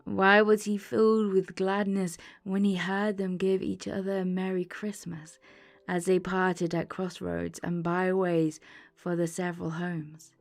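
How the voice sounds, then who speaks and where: Woman reading a bedtime audiobook, slow and calm, lowish voice, soft music behind. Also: creaky. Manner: calm, measured storybook reading. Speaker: audiobook narrator. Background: soft ambient music.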